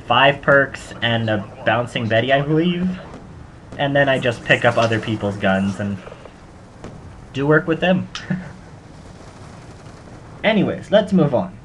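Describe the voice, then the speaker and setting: A man's voice: mid-range voice, a bit bright, slight background noise. A young man hosting casual gameplay commentary, rambling and joking at his own expense. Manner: rambling, self-mocking, joking. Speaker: gaming channel host.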